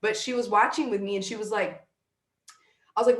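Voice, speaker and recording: A woman's voice: mid-range voice, fairly even intonation, quick pace, roomy sound. A woman in her thirties giving a fired-up motivational talk as a guest leader, casual and emphatic, full of "like". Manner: emphatic, conversational, fillers like "like". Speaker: guest network-marketing leader.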